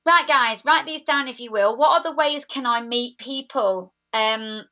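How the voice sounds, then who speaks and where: A woman's voice: fairly high pitch, a little slow, pushed and bright. A young woman leading a sales team, chatting enthusiastically on a live video while reading viewer comments. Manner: chatty, enthusiastic, laughs easily. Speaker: network marketing team leader. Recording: dull lo-fi sound.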